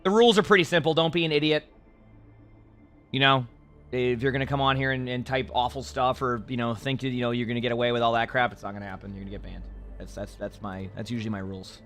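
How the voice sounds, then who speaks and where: Bright-voiced animated male streamer. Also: medium pitch, quick pace, faint music behind. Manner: animated, sarcastic, rambling with many restarts. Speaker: game streamer. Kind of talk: casual chat answering live chat.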